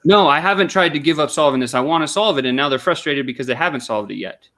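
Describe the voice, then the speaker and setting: A man's voice: on the high side, lively intonation, fast talker, a bit bright. A man on an interview, explaining a sales method step by step and acting out sample questions and replies. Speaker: sales consultant guest. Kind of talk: conversational interview.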